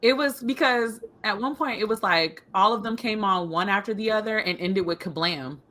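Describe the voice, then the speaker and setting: A woman co-hosting a casual chat, sharing lively childhood anecdotes and laughing often. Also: medium pitch, moderate pace. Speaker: co-host.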